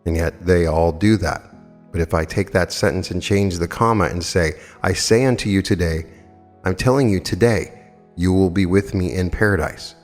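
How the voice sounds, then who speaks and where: A man in his fifties with a very low voice delivers a spiritual lecture, earnest and emphatic, leaning on stories and rhetorical questions. The archival recording carries a long hall reverb, with faint music underneath. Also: normal speed. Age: 50s. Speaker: metaphysical lecturer.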